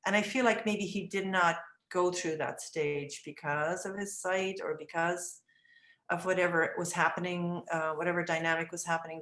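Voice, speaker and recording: An older woman who works as an early childhood educator recounts classroom stories, acting out the dialogue in lively, high voices. The room is echoey.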